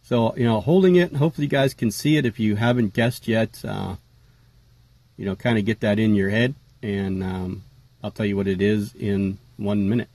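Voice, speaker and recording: Husky low-voiced man rambling casually. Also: normal speed, dry recording. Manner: relaxed, chatty, frequent uh fillers. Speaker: tarantula keeper vlogger.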